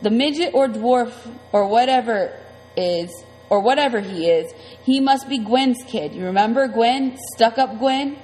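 A woman's voice: a little high, expressive, a little slow, darkish tone, big-room sound, slight background noise. A woman reading an audiobook, voicing a crude, mocking woman who taunts and giggles. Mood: taunting.

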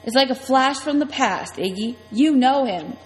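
A woman's voice: sits high, expressive, normal speed. A woman voicing a scrawny, nosy chain-smoking woman who talks out of the side of her mouth. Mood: wheedling. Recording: long reverb, faint music.

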